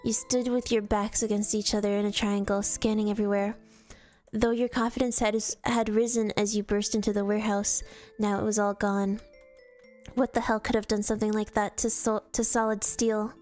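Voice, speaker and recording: A woman reads a fan story aloud to her stream, her voice sitting at an ordinary middle pitch. She tells it in a storytelling manner, now and then tripping over a word and starting again. Quiet music plays faintly behind her. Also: little pitch movement, normal speed. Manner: storytelling read-aloud with casual slips and restarts. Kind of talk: reading fanfiction aloud on stream.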